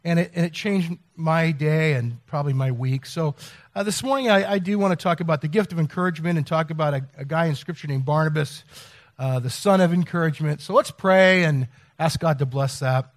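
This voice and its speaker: In a slightly high voice at a fairly quick clip, this middle-aged man preaches as a pastor. His story wanders, restarting often and repeating words, and he keeps interrupting himself.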